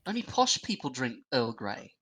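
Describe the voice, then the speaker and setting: A man's voice: mid-range voice, sing-song, normal speed, a crowd in the background, poor audio. A British man bantering on a podcast, teasing and swearing freely. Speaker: podcast co-host. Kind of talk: casual banter.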